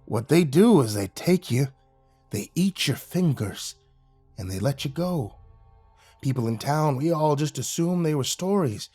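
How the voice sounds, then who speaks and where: A man doing a slow, folksy old storyteller. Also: on the high side, lively intonation, dark tone, husky, soft background music. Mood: ominous. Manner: slow folksy drawl, ominous. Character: older rural man telling grim local lore.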